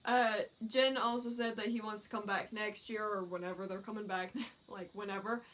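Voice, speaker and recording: A young woman vlogger, chatting excitedly and giggling as she tells a story with lots of fillers. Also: mid-range voice, moderate pace. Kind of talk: casual chat.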